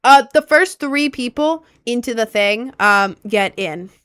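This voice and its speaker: Speaking in a slightly high, smooth voice at a measured pace, a young American gaming streamer chats casually live. Hints of Southern and New York accents come through, and she repeats her excited exclamations.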